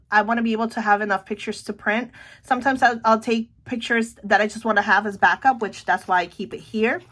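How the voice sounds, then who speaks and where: A middle-aged woman chatting casually about her planner, excitable, often breaking off to say look. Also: a little high. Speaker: planner vlogger. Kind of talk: casual show-and-tell chat.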